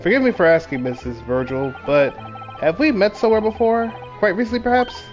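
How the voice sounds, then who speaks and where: A man's voice: high-pitched, fairly quick, soft background music, voice pushed up, close to an everyday voice. A man voicing an earnest, slightly nervous young male lawyer, reading game dialogue politely and hesitantly.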